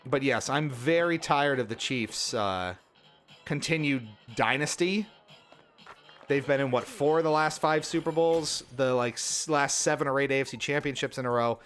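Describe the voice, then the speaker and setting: A man's voice: medium pitch, normal speed, soft background music. A man streaming a sports video game, giving exasperated play-by-play and venting when his teammates miss easy shots. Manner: exasperated, animated play-by-play with frustrated outbursts. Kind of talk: livestream gameplay commentary.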